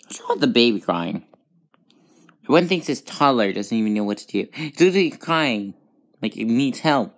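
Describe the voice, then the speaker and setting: Very low-voiced woman commenting on gameplay. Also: normal speed. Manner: rambling and excitable, with sudden high outbursts. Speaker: gaming channel host.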